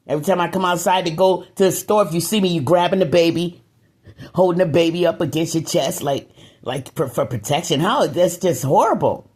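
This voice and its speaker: A woman talking to camera in a casual monologue, excitable and emphatic, dropping to low mutters and then rising to raised, riled-up outbursts with repeated words. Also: a little fast, husky. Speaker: vlogger.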